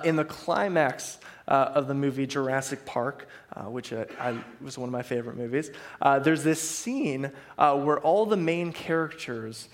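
A man preaching a conversational sermon on a psalm, often checking in with listeners by asking "right?". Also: a little high.

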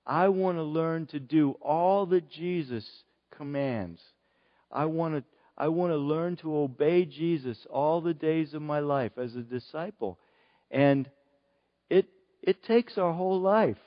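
Earnest male pastor, slightly high voice, dull lo-fi sermon recording. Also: in a large hall. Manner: slow, earnest preaching with long pauses. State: choked up with emotion. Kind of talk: sermon at a baptism service.

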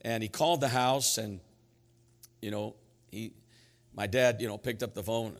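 A middle-aged man preaching a sermon in a church sanctuary, energetic and emphatic, telling stories between his points. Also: medium pitch, moderate pace. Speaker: pastor. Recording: reverberant church hall with faint music.

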